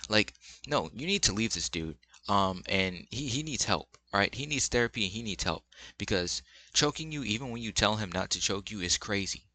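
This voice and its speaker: A man's voice: fairly low pitch, animated, moderate pace, sharp tone. A young man giving blunt, rambling relationship advice in casual, slang-filled commentary.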